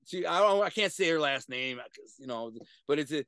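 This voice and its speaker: A middle-aged man, a guest on a video-call interview, telling profane street stories in an animated way with sudden loud bursts. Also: medium pitch, normal speed, clear, resonant tone, no room sound. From Detroit, USA. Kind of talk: casual storytelling.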